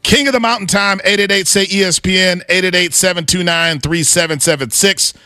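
A male sports radio host talking into a studio mic, his voice bright and forceful in a dry, close booth. he's loose and chatty, stumbling over his words and starting his sentences again. his voice sits a bit high for a man. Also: steady tone, fairly quick, no echo. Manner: chatty, hesitant restarts. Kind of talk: casual radio banter. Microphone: studio microphone.

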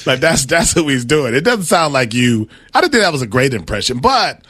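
A man's voice: mid-range voice, big pitch swings, a little fast, a bit bright, slightly rough, no echo. A man co-hosting a sports talk show, teasing his partner in casual banter. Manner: teasing, laughs often.

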